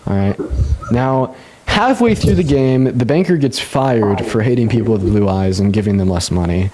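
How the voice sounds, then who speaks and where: A young man hosting a casual livestream debate, talking fast, laughing and swearing, with sudden jumps up in pitch when he gets excited. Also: a crowd in the background. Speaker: livestream host.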